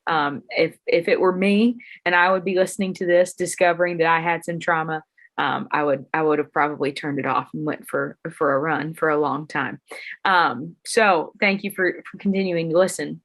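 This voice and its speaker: A woman podcast host speaking casually in a measured, thoughtful way, pausing on fillers as she frames her question. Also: sits low, fairly even intonation, fairly bright tone. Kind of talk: casual chat.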